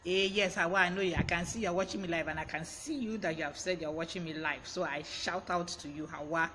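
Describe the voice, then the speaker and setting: A man hosts a live-streamed word lesson, his voice pitched high and bright. He is chatty and breaks off to greet viewers by name. A faint fan hums behind him. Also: fairly even intonation, fairly quick, slight background noise. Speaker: vocabulary teacher on a live stream. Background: fan blowing.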